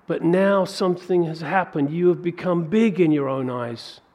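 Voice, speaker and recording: A man preaching a sermon, working through a scripture passage with animated rhetorical questions. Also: on the high side, normal speed. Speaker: pastor.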